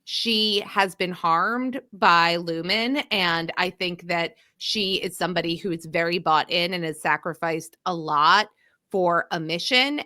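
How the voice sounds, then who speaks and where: She hosts a podcast with a fairly low voice, recorded cleanly in a studio without echo. Originally from the mid-Atlantic US, she chats casually, laughing and animated while elaborating a theory at length.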